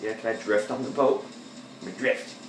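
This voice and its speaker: A man rambling and joking through casual gameplay commentary, breaking into loud outbursts now and then. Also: lowish voice, steady tone, normal speed. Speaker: gameplay video host. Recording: echoey room with game music behind.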